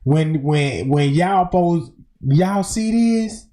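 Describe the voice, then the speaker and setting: A man giving animated, slangy commentary on a clip during a livestream, exclaiming and cutting in. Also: a little high, very slow. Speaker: stream host reacting to a clip.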